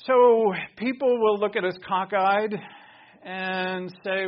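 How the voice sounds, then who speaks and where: A pastor preaching a sermon, emphatic and full of rhetorical questions. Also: male voice, high voice, steady tone, slow pace, highs cut off.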